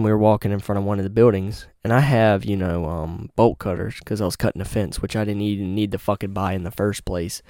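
A man's voice: on the low side, no room sound, clean studio sound. Profane young man telling a story. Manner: profane, slangy, animated storyteller. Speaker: podcast host. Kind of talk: casual storytelling monologue. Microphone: studio mic with pop filter.

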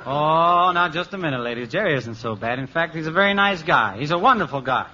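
A man's voice: a little high, animated, fairly quick, sharp tone. A man playing the patient straight man in 1940s radio comedy. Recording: dull lo-fi old radio recording.

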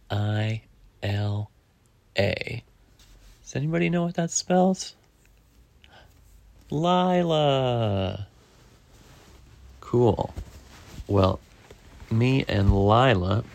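Gravelly dad reading a storybook aloud. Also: male voice, lowish voice, dry recording. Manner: playful and affectionate with his child. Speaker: father reading to his daughter.

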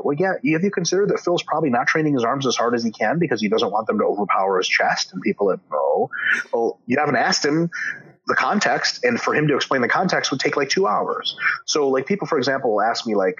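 A man's voice: mid-range voice, fast, slightly rough. A man talking as a podcast guest in casual chat, ranting with lots of swearing. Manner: profane, animated ranting. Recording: dull lo-fi audio.

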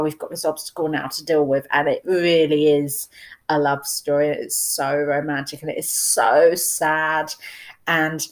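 A young woman chatting casually through a film review, enthusiastic, with many fillers and restarts. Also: deep voice.

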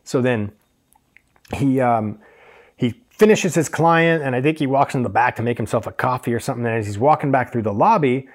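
Man, casual storyteller, self-deprecating, playful quoted voices, medium pitch. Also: fairly quick. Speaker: hairstylist podcast host.

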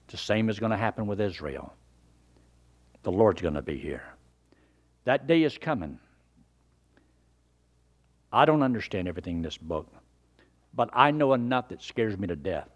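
An older man preaching a sermon and telling his own conversion story in an earnest, folksy way, swinging from loud emphasis down to hushed near-whispers. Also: on the low side, lively intonation, normal speed, pauses often. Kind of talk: sermon with personal testimony.

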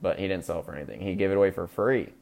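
A man with a very low voice recaps a film on his podcast. He rambles loosely, peppering his talk with ums and likes and swearing for laughs. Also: racing, creaky, darkish tone. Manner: rambling, crude and joking, with frequent fillers. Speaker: podcast host. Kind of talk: casual movie recap.

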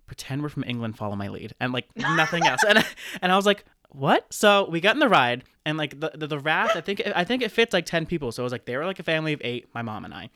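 A man from Maine, a band director and podcast guest, telling stories in animated casual chat and laughing often. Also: a little high, fast, no room sound, studio quality. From Maine, United States.

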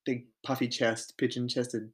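A man's voice: medium pitch, little pitch movement, a little slow, breathy edge. Guy cohosting a podcast, chatty, blunt, drops the odd swear. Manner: candid, storytelling, swears freely. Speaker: podcast co-host. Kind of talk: casual chat.

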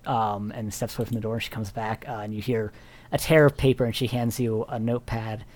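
A man's voice: fairly low pitch, flat delivery, brisk, darkish tone. Hesitant man narrating a tabletop game. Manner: hesitant, many fillers. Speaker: game master.

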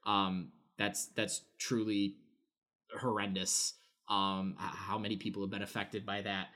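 A man's voice: lowish voice, flat delivery, a little slow, sharp tone. A man co-hosting a gaming podcast, talking casually with lots of fillers and the odd swear word. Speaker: podcast co-host. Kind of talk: casual chat.

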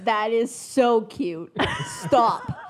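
A woman co-hosting a casual podcast, full of teasing, playful banter. Her voice is a little higher than most women's. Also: expressive, very slow, slight background noise. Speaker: podcast co-host.

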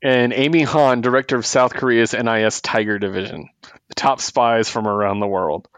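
A man co-hosting a comic book podcast, retelling a story in a casual, animated way and laughing often. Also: medium pitch, normal speed, clear, resonant tone, no room sound. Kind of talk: casual chat.

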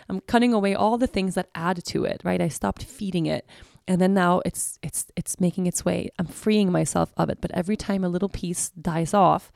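A woman hosts her podcast, thinking aloud in a candid, searching way and often circling back to restart a thought. Her voice sits low and is thick with gravelly fry. The sound is dry and close, with no room around it. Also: a little mellow, no room sound. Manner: candid, searching, many restarts and "you know". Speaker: podcast host. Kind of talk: reflective personal monologue.

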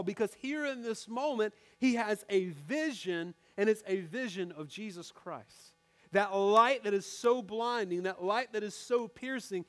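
High-voiced young man preaching a sermon. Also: fairly bright tone. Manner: conversational preaching that talks straight to the congregation. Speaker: pastor. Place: church room with a congregation.

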